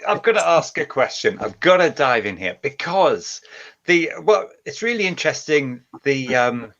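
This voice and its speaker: A man's voice: on the high side, very animated, moderate pace, fairly bright tone, muffled recording. A man co-hosting a casual chat, asking thoughtful, probing questions. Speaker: co-host. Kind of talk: casual video-call chat.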